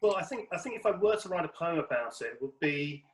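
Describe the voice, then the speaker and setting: A man speaking as a poet guest on a radio show, thoughtful and measured. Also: fairly high pitch, animated, echoey room, poor audio. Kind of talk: radio interview.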